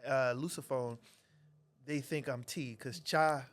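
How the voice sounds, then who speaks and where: A man's voice: mid-range voice, fairly even intonation, slow. A man hosting a casual interview who asks curious, friendly questions. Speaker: host.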